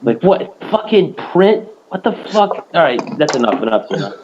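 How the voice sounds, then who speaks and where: A man co-hosting a podcast, telling stories in animated, profane casual chat. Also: a little high, moderate pace, muffled recording, noisy background. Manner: animated storytelling, swears a lot. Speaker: podcast co-host.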